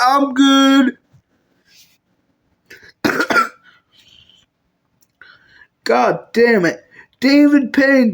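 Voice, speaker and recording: A high-pitched voice that takes its time, acting out a whole comedy skit alone. It hops between several bickering characters. It is a puppet maker's homemade skit.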